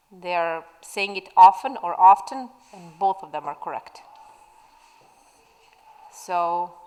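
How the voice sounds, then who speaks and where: A woman's voice: mid-range voice, smooth, big-room sound, low-quality recording. A woman teacher recording a spelling lesson for pupils at home, dictating words patiently from her classroom. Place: classroom at school.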